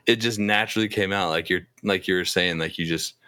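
A man's voice: deep voice, steady tone, a little fast, pushed and bright, smooth, no echo, clean studio sound. A man on a casual podcast telling funny stories, laughing at them and swearing freely. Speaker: podcast host. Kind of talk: casual chat.

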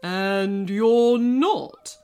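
A woman voicing a gentle old ghost king in a children's story. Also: medium pitch, extremely slow, clear, resonant tone, faint music behind. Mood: kindly.

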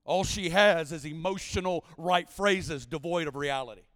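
A man preaching a sermon at a church service, impassioned, building to shouts and sing-song cadences. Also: a little high, moderate pace, dry recording, big-room sound. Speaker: guest preacher.

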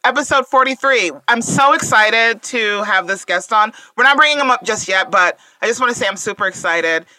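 Woman podcast co-host with a bright, dry close-mic voice who teases and laughs a lot. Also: fairly high pitch, lively intonation, fairly quick, hardly any pauses, dry recording, rough recording. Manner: playful, teasing, laughs often. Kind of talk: casual chat.

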